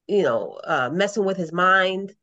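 Woman chiming in on a show recap, kinda low voice, muffled dry mic. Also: lively intonation, unhurried, bright, forceful tone, dry recording. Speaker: podcast co-host. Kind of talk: casual chat about an episode. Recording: dull, lo-fi mic.

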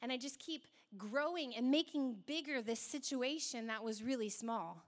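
A young adult woman preaching a sermon in an animated way, acting out quoted voices as she goes. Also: high-pitched, moderate pace.

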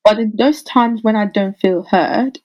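A woman midwife answering interview questions in an earnest, thoughtful way, often pausing over her words with fillers. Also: mid-range voice, dull audio. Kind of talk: interview answers, casual conversation.

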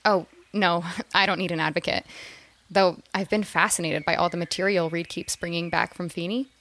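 A woman's voice: fairly low pitch, steady tone, normal speed, fairly bright tone. An actress playing a chatty young mother in an audio drama who talks with nervous little laughs. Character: eager young mother, psychology graduate.

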